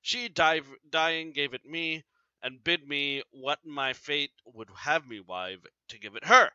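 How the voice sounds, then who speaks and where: A man's voice: on the high side, takes it slowly, bright, forceful tone, clean tone, no echo, full character voice. A man reading the lines of a jealous, furious husband in a demanding tone, recorded dry and slightly dull. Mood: solemn. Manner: demanding, interrogating.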